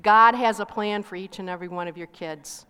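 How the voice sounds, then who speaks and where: A woman's voice: mid-range voice, brisk, sharp tone, clear, resonant tone. A middle-aged woman co-pastor sharing a testimony in a sermon, telling stories and acting out quoted talk. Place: church sanctuary. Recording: long reverb of a large hall.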